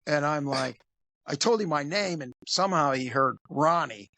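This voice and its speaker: A man, a police officer, telling a crude story in an animated, conversational way. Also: fairly high pitch, moderate pace, creaky, no echo. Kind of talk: casual storytelling.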